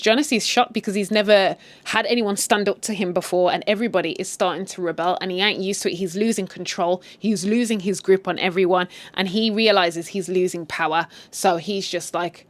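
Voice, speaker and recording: A woman retelling a drama series in an animated, chatty way, adding her own commentary. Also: no room sound. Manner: animated, chatty, swings in pitch for emphasis. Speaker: storyteller. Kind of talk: casual story retell with commentary.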